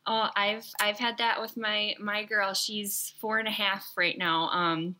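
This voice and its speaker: A woman's voice: medium pitch, level tone, unhurried, bright, forceful tone. A woman in her thirties, co-hosting a casual talk show, telling stories with lots of fillers. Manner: chatty storyteller, lots of fillers. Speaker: podcast co-host. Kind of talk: casual chat.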